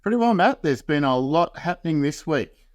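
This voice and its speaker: A man being interviewed, giving a measured analysis built from long, carefully qualified sentences. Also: a little high, expressive, no echo, muffled recording. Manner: measured, builds points in long qualified clauses. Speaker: interview guest.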